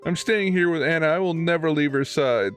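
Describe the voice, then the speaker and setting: A man's voice: a little high, a little fast, fairly bright tone, faint music behind, voice pushed up, lightly acted. A man voicing a stubborn, grieving little girl in a game, reading her lines in a defiant, petulant way.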